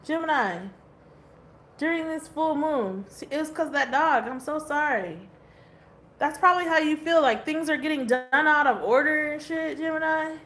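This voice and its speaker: A woman's voice: high-pitched, normal speed, a bit bright. A woman giving a casual tarot reading who rambles, swears casually and laughs often. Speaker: tarot reader.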